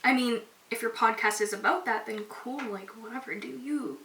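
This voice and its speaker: Bright young woman podcasting in a roomy echo. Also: on the high side, normal speed. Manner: open, emotional, casual with frequent "like". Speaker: podcast host. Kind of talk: candid personal podcast monologue. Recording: roomy echo, distant mic, faint hiss.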